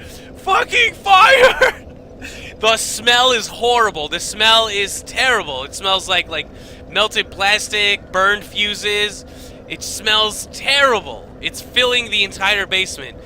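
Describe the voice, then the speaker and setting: High, bright-voiced young man rambling. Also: a little hiss or hum, poor audio. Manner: rambling, animated, swearing, many fillers and restarts. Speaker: streamer. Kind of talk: casual storytelling to stream viewers. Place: home basement room.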